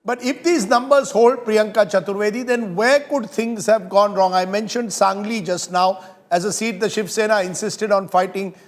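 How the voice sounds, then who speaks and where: A man anchors live election coverage, his questions measured and built on figures. His voice sits high for a man. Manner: measured, data-driven questioning. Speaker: news anchor.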